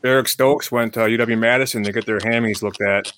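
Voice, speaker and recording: Male interviewer, relaxed casual chat, mid-range voice. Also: mid-range voice, brisk, clean tone.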